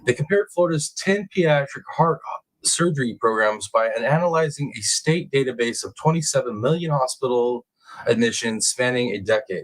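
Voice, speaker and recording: A man's voice: medium pitch, animated, moderate pace, rough recording. A young man hosting a live stream, reading a news report aloud and breaking off for casual, slangy, emphatic asides to his chat. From California.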